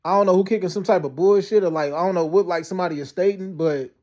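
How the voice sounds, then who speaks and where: A man's voice: high voice, quick pace, darkish tone. A man in his thirties telling a long, meandering story in a casual monologue, heavy on slang, fillers and restarts. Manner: slangy, peppered with "yo" and "you know what I'm saying". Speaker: vlogger recounting dreams and past events.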